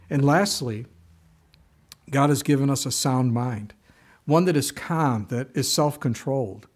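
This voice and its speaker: A man's voice: mid-range voice, a little mellow. Older man preaching in a conversational way. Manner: conversational preaching with frequent asides and restarts. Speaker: pastor. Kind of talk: sermon.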